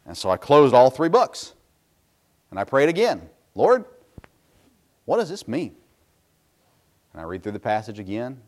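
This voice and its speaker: Folksy man preaching a sermon. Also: mid-range voice. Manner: folksy, self-deprecating preaching with asides to the congregation. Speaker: pastor.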